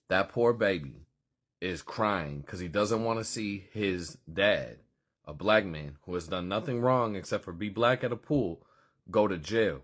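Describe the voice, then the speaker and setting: Husky, earnest man preaching. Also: sits low, a bit bright. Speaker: social commentator. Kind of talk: earnest spoken commentary.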